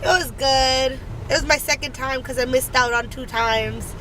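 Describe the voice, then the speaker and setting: A woman's voice: high voice, steady tone, moderate pace, sharp tone, a little hiss or hum, rough recording. A young woman chatting casually outdoors with her sister, blunt and complaining. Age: young adult. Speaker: vlogger's sister. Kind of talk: casual vlog chat.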